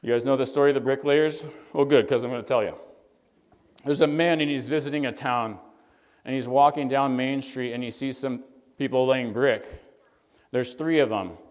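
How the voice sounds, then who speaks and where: Brief: man, mid-pitched, earnest storyteller addressing young doctors from a stage, long hall reverb. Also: fairly even intonation, normal speed. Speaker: chiropractor speaking to young doctors. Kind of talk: motivational stage talk.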